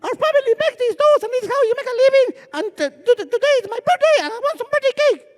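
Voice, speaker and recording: A man's voice: very high-pitched, lively intonation, pitched above the performer's own voice. A man voicing his shy little brother as a child, stammering and hesitant as he tries to sell dolls. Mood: hopeful, timid. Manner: stammering, halting. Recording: long hall reverb from a live stage.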